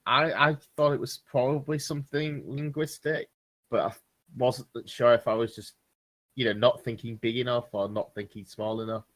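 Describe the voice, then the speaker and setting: A man's voice: mid-range voice, fairly even intonation, normal speed, fairly bright tone. A man talking as a player in a casual podcast chat, hesitant and stammering at the start of his sentences.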